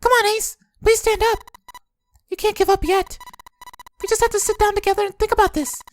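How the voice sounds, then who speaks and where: A woman putting on a frantic young woman's voice in a high, strained falsetto, reading a game aloud. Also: little pitch movement, fairly quick, soft background music. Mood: desperate pleading. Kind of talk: let's play visual novel read-aloud.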